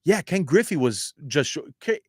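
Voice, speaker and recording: A man co-hosting a sports radio show, excitable and joking, with emphatic, punchy banter. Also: on the high side, moderate pace, breathy edge, no room sound, studio quality. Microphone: studio broadcast mic.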